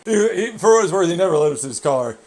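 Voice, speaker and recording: A man's voice: high voice, fast talker. A young man animatedly telling racing stories in casual chat, swearing and laughing often. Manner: animated, swearing, laughing often, quoting people in mock voices. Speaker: racer.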